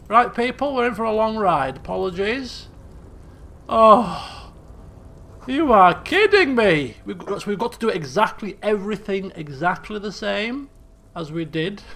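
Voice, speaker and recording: A man commentating on a game he plays, excitable and full of exclamations. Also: high-pitched, vocal fry. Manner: excitable, exclamatory, laughing asides. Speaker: gameplay commentator. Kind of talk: let's play commentary.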